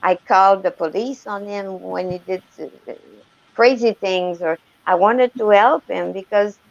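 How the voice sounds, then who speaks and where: Lady on a call, slow and halting, gravelly voice, kinda dull lo-fi sound. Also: medium pitch. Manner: hesitant, searching for words. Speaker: caller. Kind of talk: casual chat.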